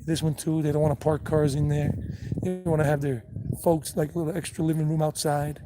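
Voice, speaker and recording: A man's voice: fairly high pitch, background noise. A man hosting a casual walking tour vlog outdoors, chatting to the camera and joking with street vendors. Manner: chatty, switches to Spanish with locals, laughs easily. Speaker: travel vlogger and tour host.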